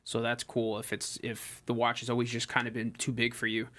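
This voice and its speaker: A man's voice: mid-range voice, monotone, fairly quick, a bit bright. A man co-hosting a show as a watch trader, chatting in an easygoing, agreeable way. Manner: easygoing, agreeable, frequent "yeah" and "right". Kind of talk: casual chat.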